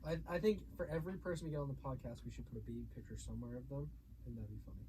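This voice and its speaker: A young man co-hosting a podcast in a basement studio, chatting casually with quick, teasing remarks. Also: medium pitch, dark tone. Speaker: podcast co-host. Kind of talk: casual chat. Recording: noisy home recording.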